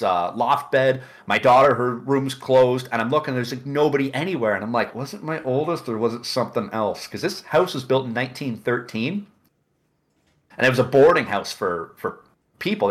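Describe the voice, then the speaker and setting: A man's voice: medium pitch, a bit bright. A man, a guest on a casual podcast, telling a long story with many restarts and asides.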